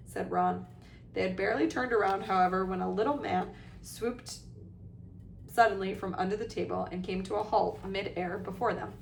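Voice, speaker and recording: A woman's voice: medium pitch, fairly even intonation, moderate pace, gravelly, reverberant, a little hiss or hum. A woman reading a storybook aloud as narrator in a plain storytelling manner. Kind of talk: audiobook reading.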